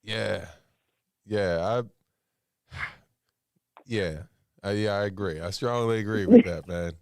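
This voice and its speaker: A man with a lowish voice hosts a call-in podcast, chatting loosely with plenty of slang. The sound is dry and close, with no room around it. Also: slow pace, no room sound. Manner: relaxed, rambling, slangy. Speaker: podcast host. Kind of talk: casual call-in chat.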